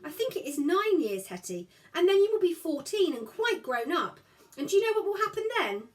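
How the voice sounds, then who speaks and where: A woman's voice: extremely high pitch, very animated, brisk, distant mic, pitched above the performer's own voice. Woman reader as kind older brother figure; coaxing, earnest, storybook boy.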